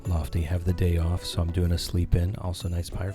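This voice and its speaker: A man giving slow, soothing, soft-spoken commentary while playing a game for sleepy viewers. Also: deep voice, completely flat delivery. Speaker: streamer. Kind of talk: calm gameplay commentary for sleep. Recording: background music.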